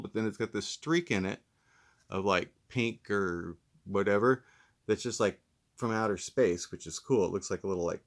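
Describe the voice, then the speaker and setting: A man hosting a casual vlog review who talks in a rambling, laid-back, self-deprecating way while mildly stoned. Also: on the low side. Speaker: host and reviewer.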